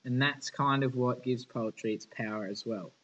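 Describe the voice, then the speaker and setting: A man's voice: medium pitch, steady tone, moderate pace, a bit bright, muffled recording. A male teacher giving an informal lesson, casual, chatty and frank.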